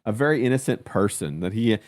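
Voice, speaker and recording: A man's voice: lowish voice, lively intonation, a little fast, a little mellow. A man hosting a casual livestream chat, joking crudely and reading out viewer comments. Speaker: podcast host.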